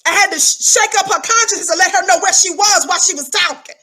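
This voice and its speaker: A middle-aged woman holds forth in an animated livestream monologue. Her voice sits high and rings bright. She hammers her points home by repeating words over and over. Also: fast talker. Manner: emphatic, preachy, repeats words for effect. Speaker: livestream commentator.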